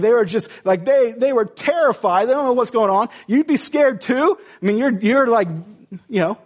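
A man preaching a sermon as a pastor, retelling the story with lively rhetorical questions. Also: high voice.

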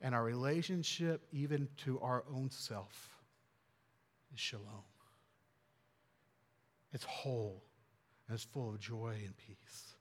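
Earnest pastor preaching in a reverberant hall. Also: male voice, medium pitch, slow, pauses often, a little hiss or hum. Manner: earnest and conversational, with repetition and emphatic rises. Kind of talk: sermon.

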